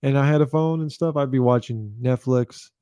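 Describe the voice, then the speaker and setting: A man's voice: mid-range voice, normal speed, dark tone, smooth, no echo, clean studio sound. A man hosting his own show, talking casually and loosely to the audience, with plenty of swearing and repeated phrases. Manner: loose, profane, repeats himself. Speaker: host. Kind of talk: casual talk to camera.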